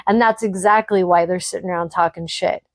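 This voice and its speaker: A woman's voice: lowish voice, steady tone, fairly quick, dry recording, clean studio sound. A woman hosting a spiritual podcast, speaking frankly to her listeners in an emphatic, blunt monologue that swears freely.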